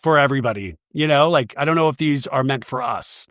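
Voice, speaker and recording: A man's voice: brisk, fairly bright tone, no room sound, clean studio sound. A man hosting a podcast, chatting casually through a recap and acting out the quotes he tells. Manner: chatty, acts out quotes in high voices. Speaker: podcast host.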